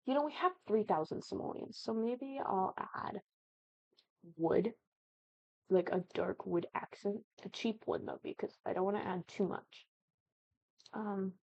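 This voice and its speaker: A young woman from the Midwest chatting animatedly while building a house in a game, with excited exclamations. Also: medium pitch, creaky, no echo, highs cut off. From American Midwest. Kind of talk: casual gaming commentary.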